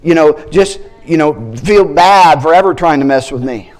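A man preaching a sermon as a guest speaker, animated, breaking into shouted praises and acting out the voices in his stories. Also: a little high, normal speed.

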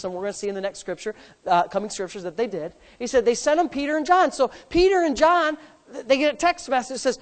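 A woman preaching a sermon, emphatic, swinging between loud declarations and hushed asides. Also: a little high. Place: church. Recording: long hall reverb.

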